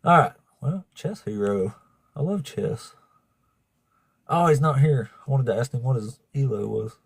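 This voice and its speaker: A man's voice: mid-range voice, animated, measured pace, creaky, husky, no room sound. A man hosting a livestream of debates, chatting casually with viewers, swearing freely and laughing often. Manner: profane, laughing, talks to chat.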